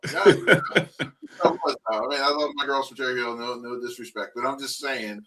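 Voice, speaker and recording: A man from South Jersey with a South Jersey accent, hosting a casual sports talk show and telling lively stories with mimicked accents. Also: mid-range voice, a little fast, distant mic, crowd noise, rough recording. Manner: animated storyteller, mimics accents. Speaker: podcast host.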